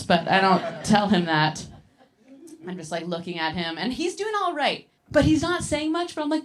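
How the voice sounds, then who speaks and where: A woman telling a stand-up comedy story, with an animated, rambling delivery full of fillers and quick laughs. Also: medium pitch.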